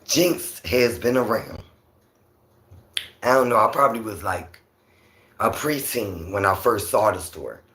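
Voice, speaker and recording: A man with a raspy voice hosting a casual livestream, talking softly and rambling with many fillers. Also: on the low side, animated, measured pace, long pauses, reverberant. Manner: talks softly, near a whisper. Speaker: livestream host.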